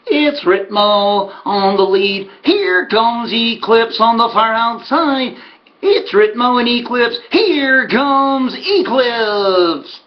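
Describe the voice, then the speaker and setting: A man's voice: extremely high pitch, slow, voice pushed up, full character voice. A man putting on the voice of a male racetrack announcer calling a race, in a dull lo-fi recording. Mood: excited. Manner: rising excited race call.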